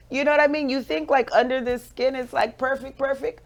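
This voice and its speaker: A woman in her forties with a Jamaican accent, hosting a radio show with playful, animated motivational talk. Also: high voice, brisk, lo-fi sound. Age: 40s.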